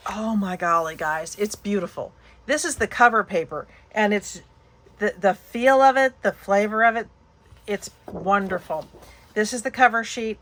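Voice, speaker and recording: A woman hosting a papercraft channel, chatting casually through an unboxing haul, gushing and excitable, now and then breaking into high squeals.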